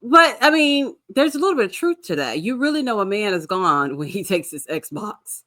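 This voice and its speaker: A woman guest on a podcast, chatting casually with quick agreeing replies and blunt comments. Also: mid-range voice, big pitch swings, fairly bright tone, dry recording, studio quality. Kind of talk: casual chat.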